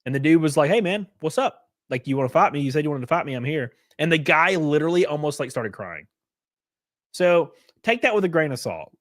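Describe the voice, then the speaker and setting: Animated, swearing streamer man. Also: a little high, brisk, dry recording, studio quality. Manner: animated, profane, laughs often. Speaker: livestream host. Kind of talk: casual livestream commentary, thanking donors.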